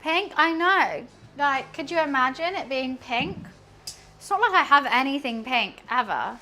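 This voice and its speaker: A woman's voice: high voice, lively intonation, unhurried, sharp tone. A young woman chatting casually while cleaning and cooking in her home kitchen, rambling and humming to herself. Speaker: streamer.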